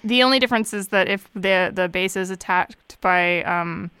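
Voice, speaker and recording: Bright, crisp woman chatting casually. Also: mid-range voice, normal speed, no room sound. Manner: laughs often, many fillers. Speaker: podcast panelist. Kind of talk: casual chat.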